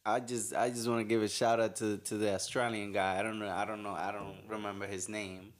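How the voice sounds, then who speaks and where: A man's voice: on the low side, level tone, brisk. A man joining a casual round-table talk, hesitant and searching for his words. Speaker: podcast guest.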